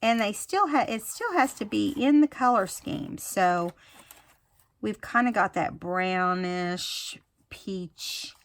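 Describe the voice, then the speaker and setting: A woman talking casually through a craft tutorial, thinking aloud as she works. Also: medium pitch. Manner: chatty, thinks aloud while working. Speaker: craft vlogger.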